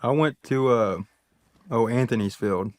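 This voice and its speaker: A man's voice: mid-range voice, a little slow, darkish tone. A man who is a podcast guest, chiming in with laid-back, chuckling asides during a casual chat.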